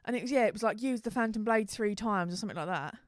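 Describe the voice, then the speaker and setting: A woman's voice: mid-range voice, rapid-fire, no echo, clean studio sound. A woman co-hosting a podcast in casual chat, laughing often, swearing freely and acting out game lines. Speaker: podcast co-host.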